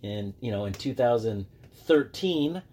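Animated man in his forties, podcasting. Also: measured pace. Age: 40s. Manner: animated, acts out quoted greetings in a higher voice; rambling with many restarts and fillers. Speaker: podcast host. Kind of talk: casual solo podcast monologue.

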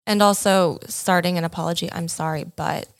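A woman's voice: on the low side, steady tone, moderate pace. A woman co-hosting a podcast in casual chat, speaking directly and matter-of-factly. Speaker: podcast co-host.

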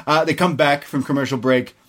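A young man co-hosting a podcast, recapping a wrestling show in a casual, excited way, swearing freely and laughing often. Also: on the high side, a little fast. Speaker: podcast co-host.

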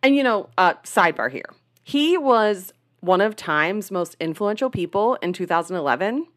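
A woman co-hosting a casual podcast, telling a story in an easy, conversational way. Her pitch sits in the middle for a woman, and she sometimes slips into playful accents. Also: expressive, normal speed, fairly bright tone. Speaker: podcast co-host.

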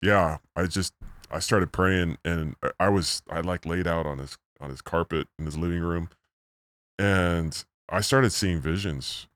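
A man in his forties, a missionary guest, telling his story in a rambling, earnest way through a pitch-altered disguise. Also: unhurried, fairly bright tone, no echo. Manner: earnest, rambling, full of "like" and "you know". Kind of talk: casual storytelling interview.

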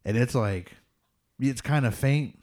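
A man's voice: mid-range voice, a little slow, darkish tone. A man casually telling ghost stories, rambling with lots of fillers and laughing nervously at the tense parts. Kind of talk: casual storytelling of ghost encounters.

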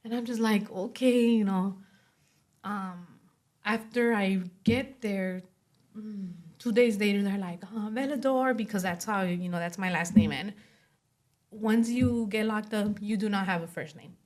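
A young woman sits as an interview guest and tells her story casually. Her voice is mid-pitched. She talks in quick runs strung together with "like" and slips into the lines of the people she describes. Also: fairly even intonation, a little mellow. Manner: speaks in quick runs full of "like", acting out what others said.

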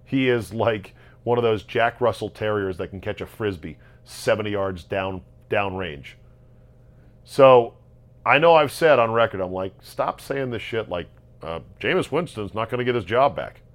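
A man hosting a solo sports talk show, ranting sarcastically about football results and jumping between loud outbursts and low muttering. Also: lively intonation, moderate pace. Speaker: sports podcast host. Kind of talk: casual solo sports commentary.

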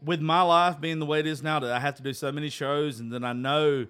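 A man's voice: a little high, steady tone, fairly quick, a bit bright, clear, resonant tone, soft background music. A man telling a story in casual chat, cursing often and laughing as he talks. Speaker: podcast host.

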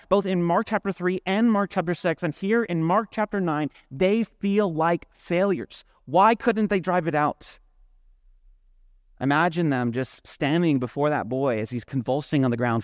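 A man's voice: high voice, no echo, studio quality. A male pastor preaching in a conversational way, full of rhetorical questions. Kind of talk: sermon.

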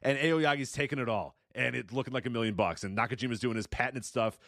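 A man's voice: mid-range voice, quick pace, dry recording, clean studio sound. A man co-hosting a wrestling podcast, talking casually and swearing freely. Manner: animated, swears freely, mimics announcers. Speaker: podcast co-host.

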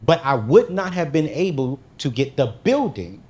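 A man with a fairly high voice gives an animated faith testimony. He speaks casually with slang and acts out the lines he quotes, his pitch leaping all over. The delivery is encouraging and conversational. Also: moderate pace. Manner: acts out his own quoted dialogue with big pitch jumps. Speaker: guest speaker.

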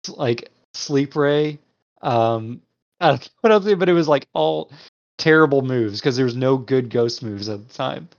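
A young man co-hosting a casual podcast, telling animated stories and putting on voices for the people in them. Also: medium pitch, a little slow, lo-fi sound. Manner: animated storyteller acting out voices in anecdotes. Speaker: podcast co-host. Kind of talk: casual chat.

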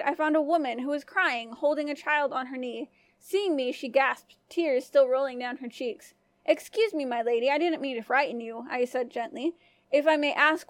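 A woman storyteller giving scripted first-person narration of a folk tale in an even, clear manner. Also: high voice, dry recording.

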